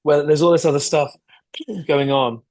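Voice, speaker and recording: A man talking as a guest on a podcast over a video call, thoughtful and hesitant, often restarting and clearing his throat. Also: fairly high pitch, steady tone, a little slow, a little mellow. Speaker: guest filmmaker and actor. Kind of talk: casual interview chat.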